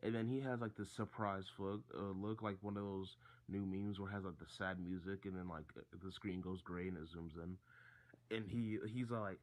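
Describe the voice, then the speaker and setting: A man's voice: low-pitched, brisk. Rambling teenage boy telling a story. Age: teens. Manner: rambling, excitable, many fillers and restarts. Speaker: student telling a school story. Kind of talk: casual storytime vlog.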